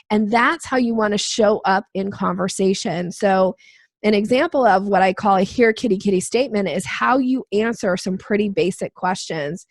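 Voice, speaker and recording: A woman sales trainer answering interview questions, explaining with lively acted-out examples. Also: medium pitch, normal speed, dry recording, studio quality. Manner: animated, acts out quoted voices.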